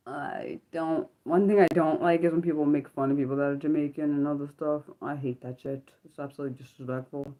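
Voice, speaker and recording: Woman, 30s, livestream host, rambling chatty delivery, slightly low pitch. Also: a little mellow. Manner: rambling, jumps between topics, loses her thread. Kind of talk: casual unscripted livestream chat.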